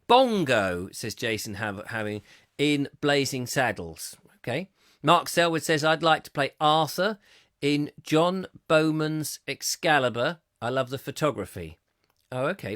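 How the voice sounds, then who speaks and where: A man hosting a live chat show, reading out viewer comments with jokey, mock-indignant asides, his throat going a little hoarse. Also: medium pitch, a bit bright, no room sound, clean studio sound. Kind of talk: casual ranty live-stream chat.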